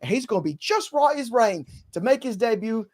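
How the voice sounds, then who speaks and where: A man putting on the voice of a cheery young Dickensian boy with a put-on British accent, sing-song and high. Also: big pitch swings, brisk, darkish tone, full character voice.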